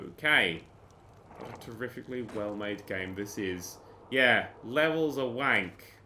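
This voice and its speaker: Brief: British male gaming host, bright cutting voice, lively sarcastic rant with faint hiss behind. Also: medium pitch. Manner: sarcastic, exasperated, ranting. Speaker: gaming YouTuber. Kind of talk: sweary game commentary.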